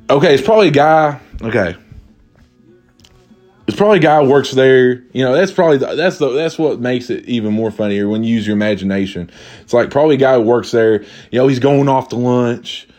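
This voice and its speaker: A man's voice: mid-range voice, a little mellow. Young guy cussing and rambling thru a funny rant, lots of likes and restarts. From Kentucky. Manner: rambling, swears constantly, many restarts and fillers. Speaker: vlogger. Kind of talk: profane comedic rant.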